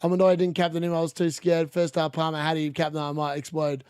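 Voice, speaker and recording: A high-voiced man talks through a live fantasy football watchalong, chatty between plays and loud and excited at every goal. His voice sits close and dry against the mic, with no room around it. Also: fast, clean tone, dry recording. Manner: excitable, shouting at goals, chatty asides.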